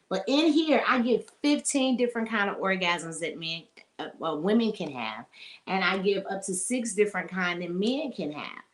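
Medium in pitch with a fairly bright tone, this woman in her forties hosts a relaxed live-streamed podcast. She talks loosely, laughs a lot, and says hello to viewers by name.

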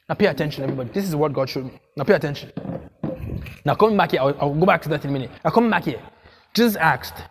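A man's voice: fairly high pitch, lively intonation, brisk, slight background noise. A man preaching a sermon as pastor, emphatic, repeating phrases and asking the congregation questions.

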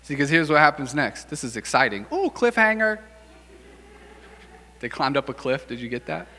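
A male pastor giving a casual, animated sermon and acting out quick voices for the people in the story. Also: medium pitch. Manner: animated, acts out quick voices for biblical figures. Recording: long hall reverb.

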